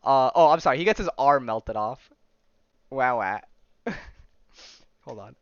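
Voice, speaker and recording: Rambling man recapping a comic, smooth voice. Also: mid-range voice, expressive, unhurried, no room sound, lo-fi sound. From Florida. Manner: rambling, many fillers and "right?". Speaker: podcast host. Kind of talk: casual comic-book recap.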